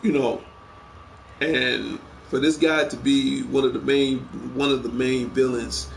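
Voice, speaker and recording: A man's voice: medium pitch, fairly even intonation, unhurried, gravelly, slight background noise. A man hosting a casual show, chatting eagerly about movies and rambling with lots of repeated words. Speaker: show host. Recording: echoey room.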